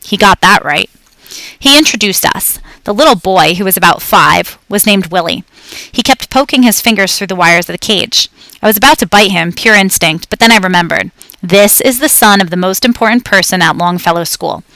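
A woman's voice: medium pitch, animated, moderate pace, sharp tone, dry recording. Woman reading a children's story. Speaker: audiobook reader. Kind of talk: scripted storybook narration.

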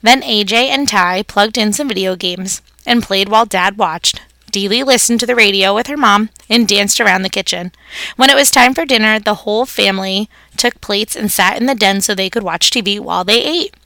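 A woman's voice: medium pitch, normal speed, pushed and bright, no echo. A woman reading a children's story aloud, narrating expressively as a pet hamster.

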